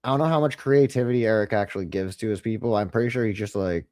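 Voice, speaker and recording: A man's voice: on the low side, fast, a little mellow, no room sound, studio quality. A man co-hosting a casual podcast chat, rambling and profane with a mocking tone. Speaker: podcast co-host.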